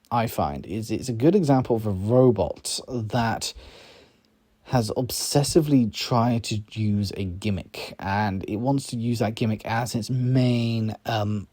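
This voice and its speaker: A man giving casual, rambling commentary as he ranks robots, often pausing with ums and restarting sentences, a little sleepy. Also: on the low side, mellow, no room sound. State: sleepy, yawning. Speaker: YouTube host ranking robots. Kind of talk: casual tier-list commentary.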